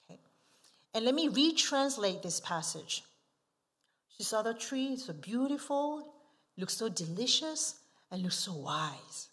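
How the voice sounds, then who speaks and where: A woman's voice: on the high side, big pitch swings, unhurried, pauses often. A woman missionary preaching a sermon, asking the congregation rhetorical questions and stressing key words emphatically. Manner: asks the listeners frequent rhetorical questions; emphatic, swinging from soft asides to forceful stresses.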